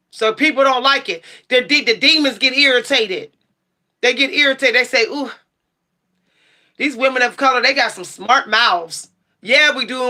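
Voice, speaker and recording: Sassy, heated woman livestreamer, bright high voice. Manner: sassy, blunt, profane, shouts at times. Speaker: livestream tarot channel host. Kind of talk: heated livestream rant answering chat.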